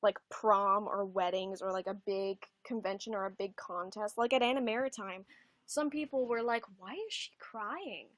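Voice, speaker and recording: A woman's voice: mid-range voice, fairly even intonation, moderate pace, dry recording. Chatty young woman on a livestream. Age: young adult. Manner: rambling, casual swearing, chatty asides. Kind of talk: casual livestream chat.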